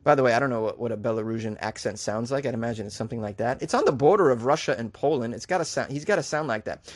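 A man's voice: mid-range voice, rapid-fire, few pauses. A man hosting a talk show, riffing jokingly on news stories, rambling and stumbling over hard names. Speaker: show host.

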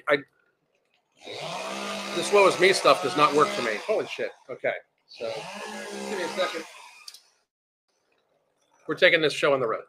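A man's voice: a little high, expressive, moderate pace, long pauses, noisy background. A man hosting reaction commentary, ranting bluntly and swearing often. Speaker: commentary host.

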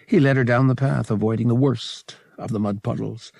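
A man reading a novel aloud as an audiobook narrator, telling the story in a measured, expressive way. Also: medium pitch, gravelly, husky, no echo.

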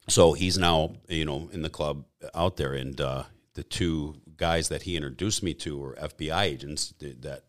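Very deep-voiced middle-aged man telling stories. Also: fairly bright tone. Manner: rambling, frequent throat clearing, acts out quoted dialogue. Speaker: podcast guest. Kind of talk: casual storytelling.

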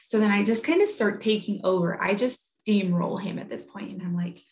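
A woman's voice: mid-range voice, a little fast, darkish tone, echoey room. A woman in her thirties giving a talk on parenting, telling a personal story in a candid, conversational way with frequent fillers and restarts.

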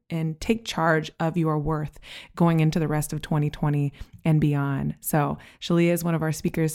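A woman's voice: low voice, darkish tone, clear, resonant tone. A woman hosting a podcast, chatting casually and enthusiastically, often saying "like". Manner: enthusiastic, heavy use of "like". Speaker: podcast host.

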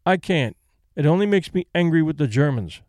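A man voicing a plain, restrained middle-aged female companion who speaks in a flat, dutiful way. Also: on the high side, fairly quick, dry recording, clean studio sound.

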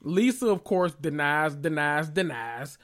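A man's voice: on the high side, expressive, unhurried, a bit bright. A man hosting a casual reality TV recap vlog, sassy and gossipy, laughing often as he rambles.

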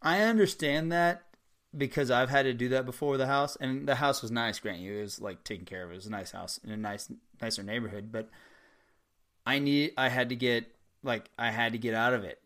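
A man's voice: medium pitch, fairly quick. A man in sales telling a story in casual chat, acting out the other people's lines. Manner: animated storyteller, acts out dialogue. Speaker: salesman guest.

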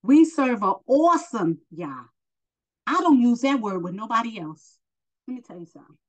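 A woman's voice: fairly high pitch, big pitch swings, normal speed, rough recording. A woman preaching informally and earnestly, encouraging the listener and addressing them as honey, emotional and close to tears. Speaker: spiritual teacher.

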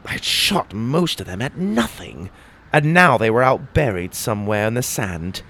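A man reading a first-person adventure story aloud with a dramatic, expressive delivery. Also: mid-range voice, measured pace, vocal fry, breathy edge. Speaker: narrator.

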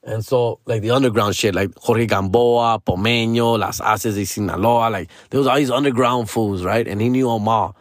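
A man's voice: on the low side, steady tone, normal speed, few pauses, no echo, studio quality. A man, telling a rambling personal story in casual slang as a comedian. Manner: slangy, rambling, peppered with "dog" and "fool".

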